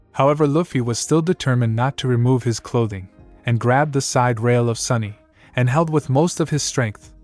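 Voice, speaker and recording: A man's voice: mid-range voice, darkish tone. A man reading fan fiction aloud, keeping the characters' lines close to his own voice. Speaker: fanfic narrator.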